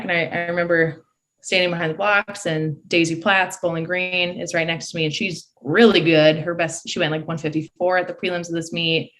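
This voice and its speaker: Excited young woman telling a story. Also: fairly low pitch. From Michigan, USA. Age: early 20s. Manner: excited, breathless retelling with many "like" fillers. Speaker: podcast guest, college swimmer. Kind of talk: casual storytelling.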